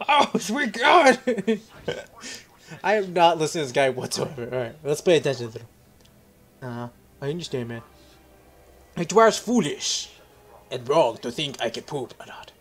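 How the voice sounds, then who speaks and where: A man giving joking, profane commentary while playing a horror game, yelping and shouting whenever something chases him. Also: medium pitch, expressive, normal speed, pauses often, slightly rough. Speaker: let's play host. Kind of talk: casual horror gameplay commentary.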